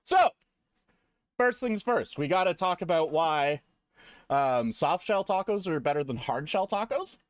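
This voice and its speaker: A man streaming live, chatting casually with viewers in a profane, rambling, jokey way, now and then breaking into loud mock rants. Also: on the high side, lively intonation, a little slow, no room sound, clean studio sound.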